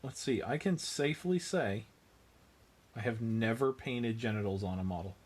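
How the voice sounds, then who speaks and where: A man's voice: on the low side, moderate pace, a little mellow, breathy edge. A man hosting a miniature painting livestream, chatting casually as he works and answering viewers with dry, self-mocking humor.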